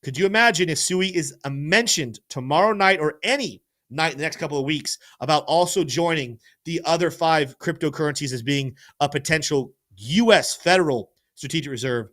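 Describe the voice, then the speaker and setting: A man with a slightly high, somewhat bright voice talks quickly and barely pauses. He's hosting a live crypto stream, energetically going through charts and talking to his chat, now and then tripping over names.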